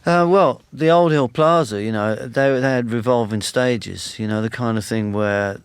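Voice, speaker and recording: A man recalling the past in a relaxed, loose interview answer, filled with casual asides. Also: medium pitch, moderate pace, clean tone, dry recording. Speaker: interviewee, musician. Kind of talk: casual recollection.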